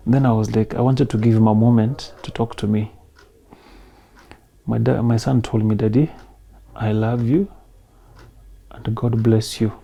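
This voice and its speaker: A man in his thirties with a Kenyan accent, telling his personal story in an emotional, soft-spoken way and mixing in Swahili phrases. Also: lowish voice, fairly even intonation, normal speed, vocal fry, husky. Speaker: interview guest.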